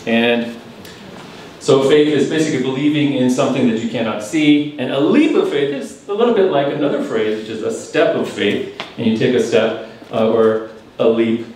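A man's voice: mid-range voice, darkish tone, a little hiss or hum. Patient man teaching in an echoey hall. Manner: patient and teacherly, explains phrases and leads the room in repeating words. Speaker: language evaluator at a speaking club. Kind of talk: live spoken feedback to club members. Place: large echoey meeting room. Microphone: distant room mic. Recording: very echoey room, distant mic.

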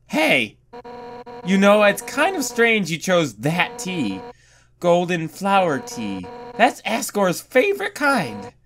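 A let's-play gamer voicing a hot-headed fish-monster woman who captains the royal guard, gruff and blunt, slipping into awkward confiding. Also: mid-range voice, huge pitch swings, takes it slowly, a bit bright, slight background noise, full character voice. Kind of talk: reading game dialogue aloud.

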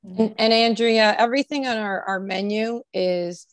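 Woman business owner on a video call, dry close sound, mid pitch, loose filler-heavy explaining. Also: moderate pace, no echo.

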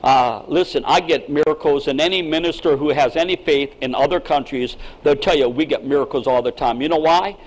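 A pastor, an older man, preaching a sermon in an emphatic style that swings from quiet asides to shouting. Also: a little high, brisk, hardly any pauses, low-quality recording.

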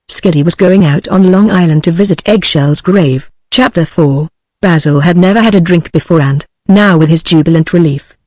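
A text-to-speech voice of a woman with a British English accent, reading a novel aloud in an even, steady way. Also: on the low side, dry recording, low-quality recording. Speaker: audiobook narrator.

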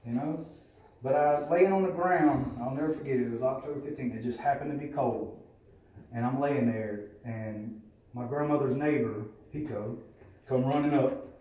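A man's voice: mid-range voice, moderate pace, warm tone, dull audio. Candid man in an echoey hall. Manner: candid, profane, plainspoken storytelling. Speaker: recovery meeting speaker. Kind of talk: personal testimony. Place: meeting room. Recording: echoey room from a distance.

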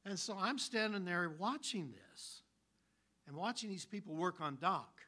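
A man preaching a sermon, telling stories in an animated, folksy way. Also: high voice, a little slow. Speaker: pastor.

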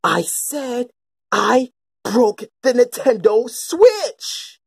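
A woman's voice: high voice, lively intonation, a little slow, husky, heavily acted. A woman voicing a panicky, melodramatic young male Koopa who whines and stammers in a puppet comedy skit. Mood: shaky.

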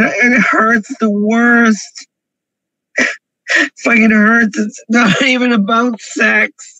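A man's voice: very high voice, sharp tone, dry recording, muffled recording. A man crying through an emotional confessional vlog, pleading and repeating himself over and over from his parked car. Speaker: vlogger.

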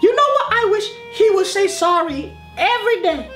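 A man's voice: very high voice, expressive, moderate pace, fairly bright tone, reverberant, soft background music. A man playing a dramatic middle-aged immigrant mother who speaks broken English. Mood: flirty.

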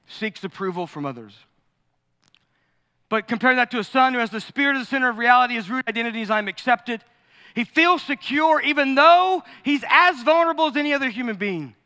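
A man preaching a sermon as pastor, animated and joking, acting out quotes and asides. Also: very high-pitched. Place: large church sanctuary. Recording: long hall reverb.

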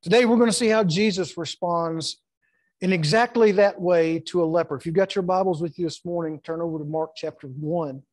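Middle-aged male pastor, high-pitched, emphatic sermon delivery, dry close mic. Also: brisk, dry recording. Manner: emphatic preaching with acted-out quotes and repetitions. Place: church sanctuary.

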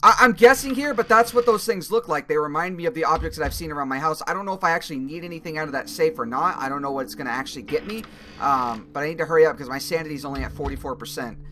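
Bright-voiced young man, jumpy gamer. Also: a little high, rapid-fire, hardly any pauses, a little hiss or hum. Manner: excitable, jumpy reactions, swearing, thinking aloud. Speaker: gaming YouTuber. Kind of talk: let's play commentary.

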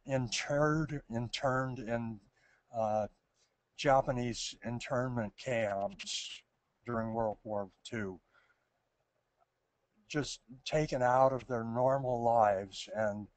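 A man with a medium-pitched voice presents on creativity, answering audience questions hesitantly and thoughtfully, with many restarts. The recording is dry.

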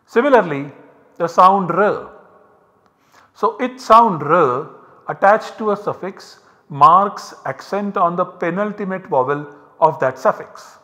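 A man's voice: on the high side, pushed and bright. Indian man lecturing with a reverberant sound. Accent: Indian English. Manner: measured, explanatory, points to examples on a slide. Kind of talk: university lecture. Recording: lecture recorded with long reverb.

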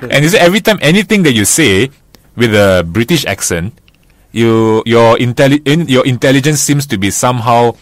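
A man's voice: mid-range voice, lively intonation, moderate pace, dry recording. A man co-hosting a casual talk show, rambling through his points with many restarts and much laughter. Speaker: co-host. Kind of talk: casual chat.

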